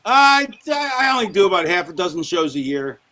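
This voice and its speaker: A man's voice: high-pitched, big pitch swings, a little fast, a crowd in the background. A man chatting as a guest on a podcast, rambling and tripping over his words now and then. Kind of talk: casual chat.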